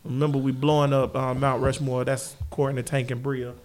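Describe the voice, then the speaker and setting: A man hosting a podcast, loud, emphatic and jokey in casual banter. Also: mid-range voice, level tone, fairly quick, crowd noise. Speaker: podcast host.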